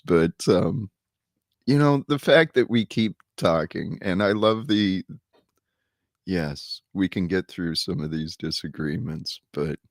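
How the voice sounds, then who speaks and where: A man with a low, gravelly voice co-hosts a casual chat show, speaking slowly and agreeably. His pitch moves a lot, and the recording sounds dry and close. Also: darkish tone, dry recording. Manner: laughs easily, agreeable. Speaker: co-host.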